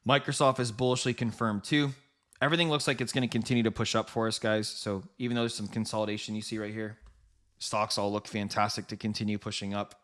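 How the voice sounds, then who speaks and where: A man hosting a live trading stream, giving quick, rambling market commentary, correcting himself and talking straight to his viewers. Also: on the low side, fairly even intonation, a bit bright. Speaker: livestream trading host.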